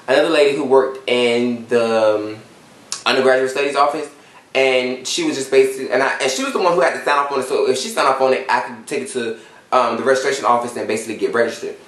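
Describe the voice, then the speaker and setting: A man in his twenties telling a story in a casual vlog, animated and profane, full of slang. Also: mid-range voice, quick pace, far from the mic. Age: 20s. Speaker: YouTuber. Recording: roomy echo.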